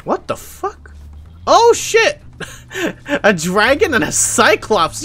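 A young man giving excitable gameplay commentary, laughing, shouting and trash talking enemies over game music. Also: very high-pitched, slow. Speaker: gameplay streamer.

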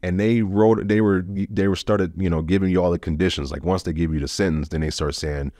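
A man's voice: deep voice, steady tone, a little fast, warm tone, no room sound, clean studio sound. A man telling his own story as a podcast guest, blunt and profane, with emotional swings. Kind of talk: candid personal storytelling.

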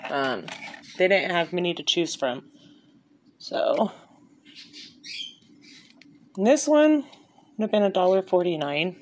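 A vlogger with a fairly low voice talks slowly and animatedly, pausing often, as she shows off a shopping haul on a handheld phone at home. Her manner is upbeat and chatty as she reads out prices, with a slight hiss or hum in the audio.

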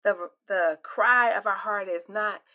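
Bright-voiced older woman pastor. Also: mid-range voice, takes it slowly. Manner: expressive, swinging from loud emphasis to hushed near-whispers. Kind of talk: devotional sermon.

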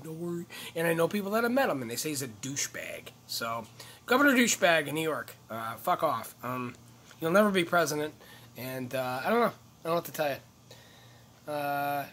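Male comedian, loose swearing rant to camera, bouncy animated delivery, scattered thoughts. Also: on the high side, slight background noise. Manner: profane, rambling and scattered. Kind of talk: casual vlog rant to camera.

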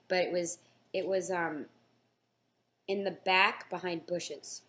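A woman's voice: fairly low pitch, unhurried, long pauses, fairly bright tone. A young woman hosting a casual live fan chat, reading out questions and answering them in an upbeat, chatty way.

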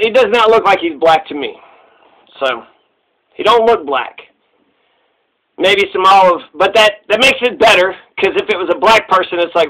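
A man's voice: sits high, a bit bright, poor audio. A man giving casual, rambling commentary in a sarcastic, repetitive way.

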